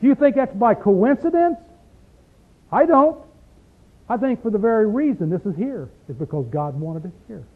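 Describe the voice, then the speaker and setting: A man's voice: high voice, very animated, normal speed. A man preaching a sermon in a small room in an emphatic, folksy way, recorded on tape. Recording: tinny phone-like tape recording.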